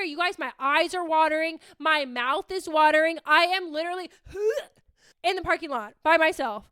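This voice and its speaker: A young woman hosting a podcast, telling a story in a casual, animated way, swearing freely and talking to listeners as "you guys.". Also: very high voice, no echo. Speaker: podcast host.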